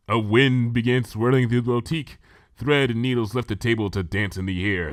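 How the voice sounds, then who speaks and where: A man's voice: mid-range voice, moderate pace, no echo, studio quality. A man expressively reading a comedic fan story aloud. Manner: expressive, swoops up on key words. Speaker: fan fiction reader.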